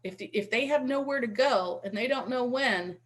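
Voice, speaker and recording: A woman's voice: fairly high pitch, normal speed. A woman teaching real estate investing in an online webinar, speaking through a computer mic in a chatty way and repeating words as she restarts. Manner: demonstrates with call scripts.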